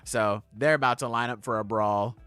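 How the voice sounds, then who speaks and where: A man's voice: mid-range voice, normal speed, clean tone, dry recording, soft background music. A man co-hosting a podcast, recapping manga chapters in casual chat and acting out the characters in funny voices. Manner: animated, acts out characters in put-on voices, laughs often. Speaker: podcast co-host.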